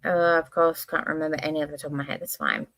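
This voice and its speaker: A woman's voice: low voice, sing-song, quick pace, a bit bright. A woman hosting a casual livestream. She rambles from one thought to the next with lots of expression and a casual swear here and there. Now and then she reads comments from her chat aloud. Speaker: livestream host.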